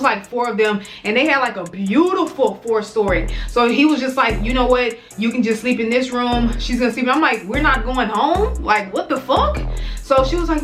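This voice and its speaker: A woman's voice: high-pitched, fairly bright tone. A young woman vlogger telling a casual story-time tale, rambling and profane, full of "like"s and acted-out quotes. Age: young adult.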